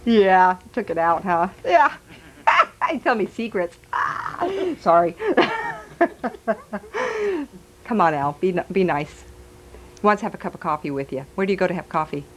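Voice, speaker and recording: A woman's voice: lowish voice, lively intonation, a little slow, pauses often, low-quality recording. Giggly chatty woman medium doing a live reading, passing on messages, bit of faint hiss behind. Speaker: psychic medium.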